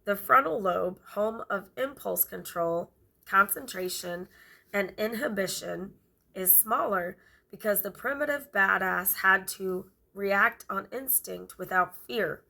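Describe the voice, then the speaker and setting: Slow, gravelly-voiced woman reading aloud. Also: mid-range voice, bright, forceful tone. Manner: halting reading with stumbles and self-corrections. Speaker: vlogger reading a memoir aloud. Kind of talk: amateur read-aloud of a book.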